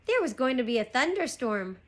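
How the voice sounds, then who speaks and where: A woman teacher reading a chapter book aloud to her class, slow and expressive. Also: high-pitched. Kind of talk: storybook read-aloud.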